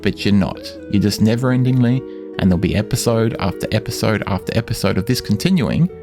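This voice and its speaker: A man speaking insistently to camera in a monologue, repeating and slowly stressing his words. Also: on the low side, lively intonation. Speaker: vlogger addressing his stalker. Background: music.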